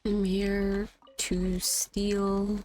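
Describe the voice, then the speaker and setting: A woman's voice: mid-range voice, completely flat delivery, drawn-out words. Playful woman streamer talking to herself. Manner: playful, talks to herself, sings little tunes. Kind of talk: casual gameplay commentary. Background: soft background music.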